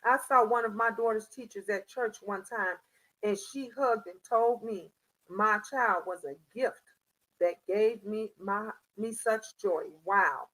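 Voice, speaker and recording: A woman's voice: mid-range voice, a little slow, a bit bright, poor audio. A middle-aged woman, hosting a livestream and giving parenting advice in a preachy, repetitive way while answering chat. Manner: preachy, repeats lines for emphasis, reads chat names. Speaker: livestream host. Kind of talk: casual live-chat monologue.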